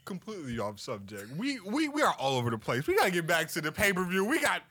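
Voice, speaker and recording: A man with a somewhat high, bright voice that moves lively through its range. He co-hosts a casual chat in an easygoing, relaxed way, sometimes trailing off softly. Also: fast, breathy edge. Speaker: podcast co-host.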